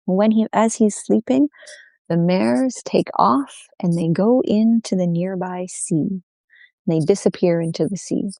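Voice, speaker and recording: A woman telling a folk tale aloud, unhurried, repeating phrases in an oral style. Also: medium pitch, gravelly, dark tone, no echo. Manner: unhurried, with many repetitions. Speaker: storyteller.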